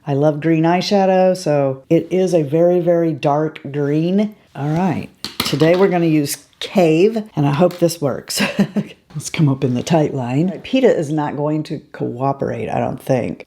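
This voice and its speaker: A woman's voice: deep voice, mellow, a little hiss or hum. A woman over fifty chatting casually to her viewers as she does her makeup in a beauty tutorial. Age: 50s or older. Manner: chatty, talks straight to viewers while applying makeup. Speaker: beauty vlogger.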